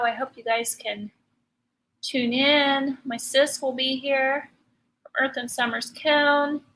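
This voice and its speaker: A woman's voice: high-pitched, level tone, slow pace, sharp tone, rough recording. A middle-aged woman chatting and teasing her viewers while teaching painting in a live tutorial. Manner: chatty, teasing, laughs often.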